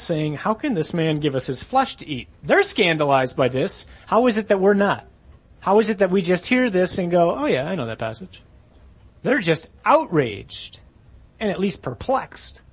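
Husky-voiced man preaching a sermon. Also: sits high, sing-song, moderate pace. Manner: conversational, questioning the listeners.

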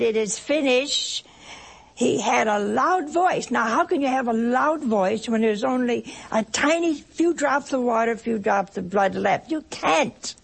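A woman preaching an emotional sermon, pausing dramatically and dropping at times to a whisper. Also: fairly high pitch, creaky, husky.

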